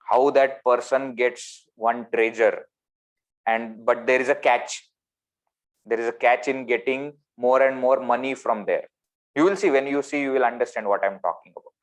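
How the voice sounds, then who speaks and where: A man with an Indian English accent giving a spiritual discourse over a video call, animated and full of rhetorical questions. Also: mid-range voice. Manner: animated, rhetorical questions, swings between loud and soft. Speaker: spiritual teacher.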